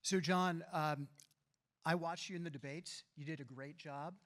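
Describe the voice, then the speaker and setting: A man's voice: fairly high pitch, fairly even intonation, a little slow, fairly bright tone. A man moderating a fireside chat, asking friendly questions.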